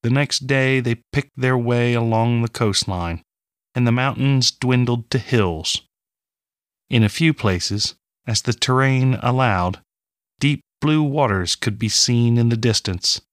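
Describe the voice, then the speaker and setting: A man narrating a fantasy audiobook in a measured, even storytelling manner. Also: medium pitch, dry recording, studio quality.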